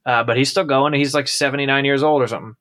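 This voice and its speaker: An easygoing man chats about movies with a co-host, his voice bright and forceful. He drops wry asides in a relaxed, conversational way. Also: medium pitch, quick pace. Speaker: podcast co-host reviewing movies. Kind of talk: casual chat.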